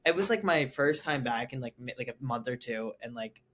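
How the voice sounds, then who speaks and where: Young guy on a podcast telling a story, bright voice, super animated, acts out everyone, says like a lot. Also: mid-range voice, a little fast, slight background noise. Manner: animated, acts out family members' lines, heavy "like" fillers. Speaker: podcast guest. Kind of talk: casual storytelling.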